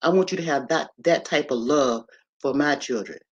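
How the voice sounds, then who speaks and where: A livestream host talking casually to viewers, greeting them as they join, often tagging sentences with "okay?" and "right?", and slowly spelling out words letter by letter. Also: mid-range voice, husky, highs cut off. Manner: checks in with frequent "okay?" and "right?" tags. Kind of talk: casual live-stream talk on a faith-tinged topic.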